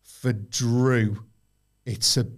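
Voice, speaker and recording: A man's voice: mid-range voice, fairly even intonation, extremely slow. A man co-hosting a wrestling podcast, talking in a loose, rambling way, breaking off mid-thought and acting out quoted lines. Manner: rambling, self-interrupting, acts out quotes. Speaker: podcast co-host. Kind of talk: casual podcast chat.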